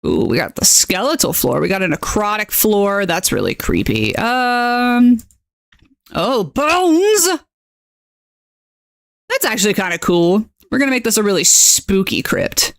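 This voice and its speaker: A woman at mid pitch hosts a casual live-stream tutorial as a game master. She talks in a chatty, excitable way, reacting aloud as she works and tagging her lines with "okay?". Her voice sounds dry and close, with no room echo. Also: moderate pace, gravelly, hardly any pauses.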